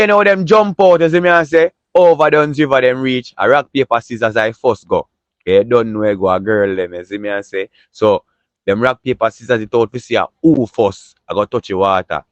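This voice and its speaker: A man with a Jamaican accent hosting a casual entertainment news show in patois, animated and chatty, full of catchphrases. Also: medium pitch, no echo, dull audio.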